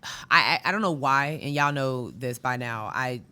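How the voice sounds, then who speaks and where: A woman's voice: a bass voice, normal speed, pushed and bright, clean tone. A woman co-hosting a podcast in casual chat, talking in a reflective, conversational way and pressing hard on key points. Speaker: podcast co-host.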